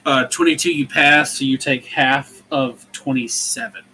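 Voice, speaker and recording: A man's voice: mid-range voice, fairly even intonation, unhurried, bright, forceful tone, faint music behind. A man running a live tabletop game as game master, making blunt rulings with casual swearing and jokes.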